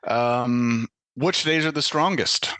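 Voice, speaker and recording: A man's voice: mid-range voice, slow pace, sharp tone, no room sound. A man who is a guest on a podcast, chatting casually and telling dad jokes that he laughs at himself. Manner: tells dad jokes with quoted voices, laughs at his own jokes.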